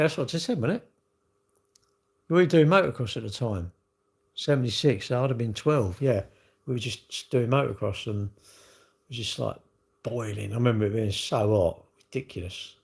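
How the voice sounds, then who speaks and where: A man's voice: medium pitch, normal speed, vocal fry, pauses often. A man, rambling in casual livestream chat and answering viewers' comments with lots of tag questions. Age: 60s. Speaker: livestream host.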